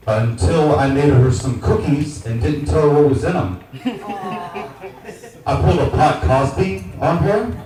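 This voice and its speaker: A man in his forties doing a stand-up comedy set in a small lounge, loud, brash and crude. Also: medium pitch. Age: 40s. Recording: echoey venue miked from a distance.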